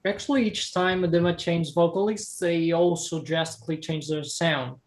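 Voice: medium pitch, steady tone, moderate pace. An interviewer asking brief questions.

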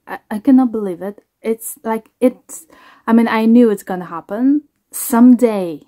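A woman, a singer, talking casually to camera in a reaction vlog, halting, restarting and trailing off as she reflects. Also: fairly high pitch, mellow.

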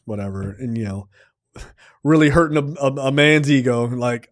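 A man's voice: medium pitch, normal speed. A man casually retelling a film's plot on a review podcast, rambling and acting out the characters' lines. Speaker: film review podcast host. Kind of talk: casual movie recap with profanity.

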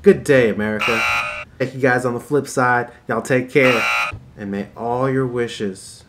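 Man, vlogger, casual rant, exasperated, animated, mid-pitched voice. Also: measured pace, very noisy.

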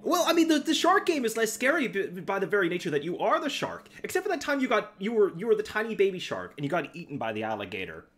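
A man's voice: high voice, quick pace, hardly any pauses. A man hosting a live game stream, joking and mocking himself as he plays. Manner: jokey, animated, self-mocking.

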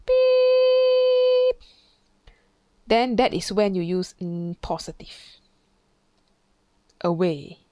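A woman's voice: fairly low pitch, slow, pauses often, dark tone, no room sound, highs cut off. A woman physics tutor, talking through an exam question in a chatty way, thinking aloud and imitating sounds. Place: classroom.

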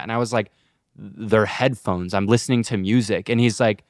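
A man's voice: on the low side, fairly quick, no room sound, clean studio sound. A young man co-hosting a podcast, telling a rambling, profane story in casual chat, heavy on fillers. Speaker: podcast co-host.

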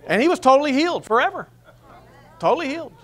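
A man's voice: extremely high pitch, very animated, quick pace, fairly bright tone. A man preaching a sermon as pastor, mixing scripture reading with humor. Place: church.

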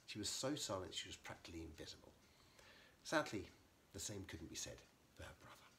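Deep-voiced man reading a storybook. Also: brisk, slight background noise. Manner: lively, expressive. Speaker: narrator, author.

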